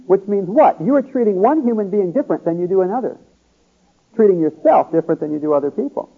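A man preaching in a relaxed, conversational way, pausing to ask his listeners "See?" and "Okay?". His voice sits a little high and sounds husky. The sermon comes through a thin, phone-like radio broadcast. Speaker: pastor. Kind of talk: sermon teaching.

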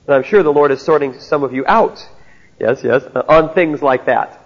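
A man's voice: medium pitch, normal speed. A man lecturing students like a sermon, earnest and direct, telling stories with asides at a board in a classroom. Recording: tinny narrow-band old recording.

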